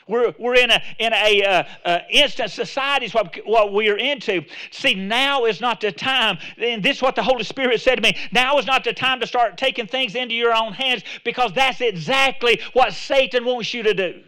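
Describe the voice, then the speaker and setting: Pastor, male, high bright voice; chatty sermon delivery with restarts, builds to emphatic calls. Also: brisk. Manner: conversational preaching, rising to emphatic exhortation; repeats words and restarts phrases.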